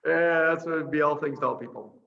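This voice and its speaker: A middle-aged man, a priest, chatting casually over a video call and patiently teaching a short phrase, slowing down to spell out each sound. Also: fairly high pitch, vocal fry, lo-fi sound. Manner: warm, chatty, laughs easily, slows down to spell out sounds. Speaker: priest and missionary guest.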